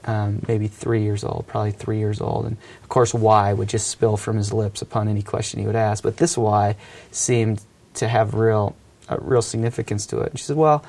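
A man in his thirties with a low, gravelly voice speaks earnestly about working with young people. He tells stories reflectively and pauses often, filling the gaps with soft hesitations. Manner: earnest, hesitant with frequent fillers. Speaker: youth ministry speaker. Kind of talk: reflective storytelling talk.

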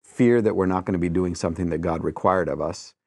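A man's voice: sits low, a little fast, gravelly, no room sound, clean studio sound. A man in a conversational discussion, speaking reflectively in long, winding sentences. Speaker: discussion guest.

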